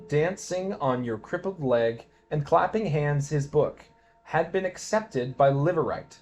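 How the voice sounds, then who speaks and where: A man giving a dramatic poetry reading, swinging between quiet musing and loud declamation. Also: a little high. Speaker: poetry reader.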